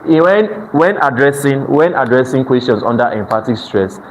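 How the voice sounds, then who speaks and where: A Nigerian-accented man teaches a night class, stopping often to ask the students if they follow and correcting himself mid-phrase. His voice sits at a middle pitch, and a faint hiss runs under the recording. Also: expressive, normal speed, rough recording. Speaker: exam prep tutor. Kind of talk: classroom lecture. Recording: faint background noise.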